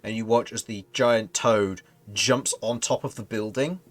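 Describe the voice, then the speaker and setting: A man's voice: fairly low pitch, measured pace. A man narrating as game master of a tabletop fantasy game, rambling and correcting himself as he goes. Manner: rambling, self-correcting narration with frequent laughs.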